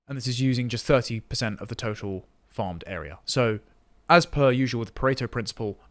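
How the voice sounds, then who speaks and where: A man's voice: medium pitch, fairly quick, no echo. A man giving political commentary in a podcast, sardonic and reading long quotes aloud.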